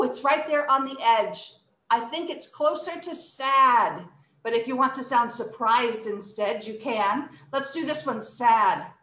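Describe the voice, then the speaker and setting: A woman's voice: on the high side, unhurried. A woman in her thirties teaching children an online poetry reciting lesson, acting out emotions with her voice. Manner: animated, acts out emotions with her voice. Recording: echoey room.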